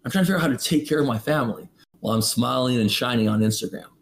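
Podcast guest, man in his thirties, mid-pitched, candid and preachy, fond of rhetorical questions. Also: very fast, vocal fry. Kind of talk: candid motivational storytelling.

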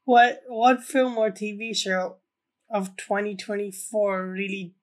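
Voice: medium pitch, slow pace. A podcast co-host reading listener questions and gushing about films, swearing and restarting often. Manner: excitable, swears, stumbling restarts. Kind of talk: casual film podcast chat.

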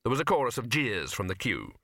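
A man's voice: mid-range voice, a little fast, no echo. A man reading a comic fantasy novel aloud as an audiobook narrator, giving each character a voice. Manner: lively, voices many characters. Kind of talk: scripted narration.

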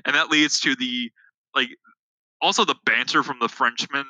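A man in casual chat as a podcast co-host, animated and laughing, acting out quotes. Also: medium pitch, moderate pace, no room sound, rough recording.

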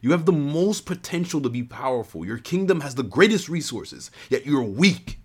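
A contemptuous male villain from a spoken story, passing judgment in a cold, accusing tone, as a man puts him on. His voice sits a little low and turns sharp with scorn. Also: animated, moderate pace. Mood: scornful.

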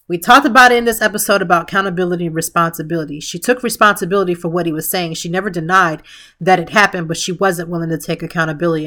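A woman's voice: on the low side, pushed and bright. A woman, hosting a podcast and giving emphatic, opinionated commentary straight to her listeners. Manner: emphatic, conversational, addresses listeners directly as "y'all". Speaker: podcast host.

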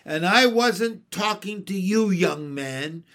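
Male reader voicing a shrill, cheeky storybook starling; greedy, bossy, bouncy delivery. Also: lively intonation, slow, a bit bright, heavily acted. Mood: scolding. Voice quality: shrill, cockney-tinged. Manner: cheeky and wheedling.

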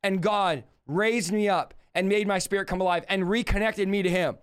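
Guy with a really high voice preaching on a livestream, fired up, shouting then dropping low. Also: fairly even intonation, moderate pace, clear, resonant tone. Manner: rhetorical questions, swings between shouts and low asides. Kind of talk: live-streamed sermon.

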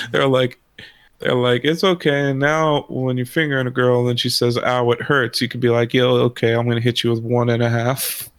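A man's voice: mid-range voice, little pitch movement, normal speed, smooth, dry recording. A man telling a long story in a casual, rambling way, swearing often and laughing as he goes. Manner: rambling, profane, laughs through his story.

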